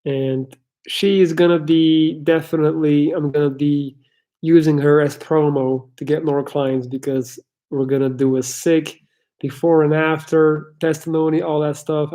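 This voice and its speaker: A man's voice: on the high side, a little mellow. A young man, a life coach, chatting loosely on a livestream Q&A, reading chat questions and swearing now and then.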